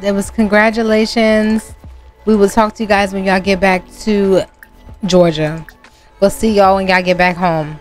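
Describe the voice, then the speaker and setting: Young woman, gameplay host, casual commentary, emotional, exclamatory, slow pace. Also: medium pitch.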